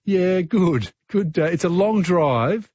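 A man's voice: high voice, expressive, slow, dark tone, slightly rough, no echo, lo-fi sound. A man with an Australian accent hosting a talkback radio quiz, chatty and easygoing. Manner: chatty, easygoing, filler-heavy.

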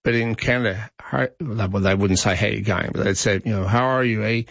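A man's voice: on the low side, a little fast, gravelly, no room sound. A man hosting a talkback radio show, chatting with callers and quoting phrases playfully. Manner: relaxed, chatty, quotes phrases with playful emphasis. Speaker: radio host. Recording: muffled dry radio broadcast.

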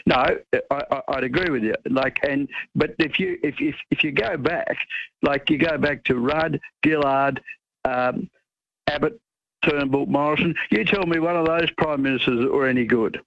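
A man's voice: a little high, moderate pace, gravelly, no echo. A man with an Australian accent calling a talkback radio show, hesitant and full of ums while airing his opinions. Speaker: caller. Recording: dull phone line.

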